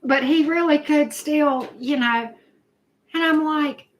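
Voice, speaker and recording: A woman's voice: high voice, takes it slowly. A middle-aged woman, hosting a casual live-stream chat, reacting to viewers' comments with frequent exclamations. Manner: chatty, reacts to chat names, exclaims often. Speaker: channel host reading live chat.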